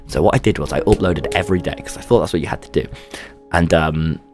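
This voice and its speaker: A man's voice: a bass voice, fast, soft background music. A young man, telling rambling stories in a casual chat and swearing as he goes. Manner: rambling, animated storytelling with swearing and laughter.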